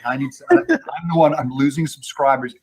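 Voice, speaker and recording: A man arguing defensively as a guest on a casual panel, quick to push back and complain. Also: mid-range voice, steady tone, background noise.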